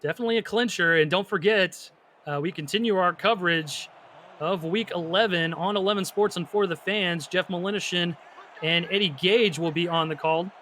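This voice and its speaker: A man calling live play-by-play for a simulated football game, excitable and rising sharply on big plays. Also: sits high, fairly quick, a little hiss or hum. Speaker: play-by-play announcer. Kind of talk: live esports football commentary.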